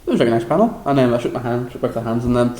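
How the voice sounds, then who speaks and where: A chatty young adult man with a Liverpool Scouse accent, a drama school applicant, recaps things in a casual vlog from an echoey room. He talks rapid-fire at a medium pitch, rambling excitably and self-deprecatingly with frequent restarts and laughs.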